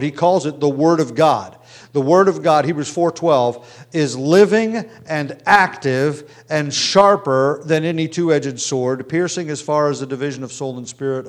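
A man teaching verse by verse through a Bible passage, halting often with ums and restarts, his voice sinking low at the ends of phrases. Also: darkish tone.

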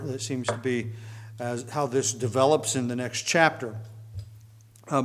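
Man teaching a Bible passage. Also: mid-range voice. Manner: explanatory, with frequent ums and restarts.

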